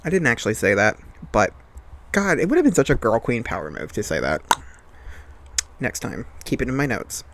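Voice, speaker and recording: A man's voice: medium pitch, huge pitch swings, fairly quick. A young man hosting a podcast, retelling a personal story in an emphatic, at times heated way. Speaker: podcast host.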